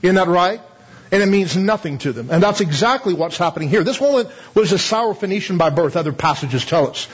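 A man's voice: high voice, lively intonation, fairly quick, husky. A man preaching a sermon in a conversational way, asking the audience questions and laughing now and then. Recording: slightly dull lo-fi sound.

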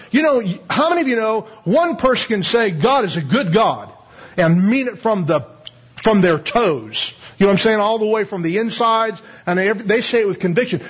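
A man with a high, slightly husky voice delivers a sermon, speaking to the congregation conversationally, tossing out rhetorical questions and chuckling along the way. The recording sounds a little dull.

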